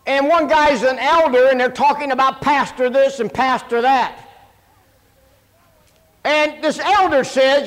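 A man preaching a sermon and telling animated, self-mocking personal stories. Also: very high voice, slow pace, pauses often. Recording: long hall reverb.

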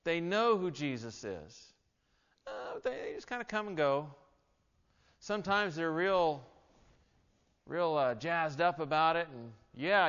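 A male pastor preaching a sermon, moving between quiet scripture reading and loud, emphatic exhortation. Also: on the high side, very animated, measured pace, pauses often. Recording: echoey, slightly dull hall recording.

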